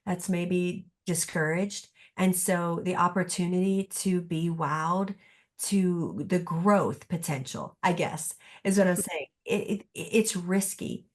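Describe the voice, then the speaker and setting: A woman's voice: fairly low pitch, fairly even intonation, slow. A middle-aged woman therapist speaking as a podcast guest, reflective and earnest, often restarting her sentences. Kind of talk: podcast conversation.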